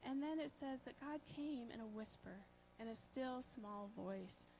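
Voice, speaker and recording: A woman preaching in a relaxed, conversational way, tossing questions to her listeners and leaning on fillers. Her voice sits a little high. She jumps from bright, loud emphasis down to near-hushed lines. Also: measured pace, a little hiss or hum, rough recording. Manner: chatty, asks the audience questions, many fillers. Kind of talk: conversational sermon.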